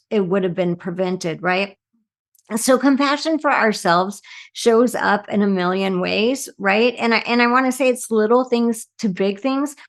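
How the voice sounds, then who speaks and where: A woman who works as a medium, talking earnestly about grief and compassion in an interview, often ending with "right?". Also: mid-range voice. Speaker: medium and speaker. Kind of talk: reflective talk in an interview.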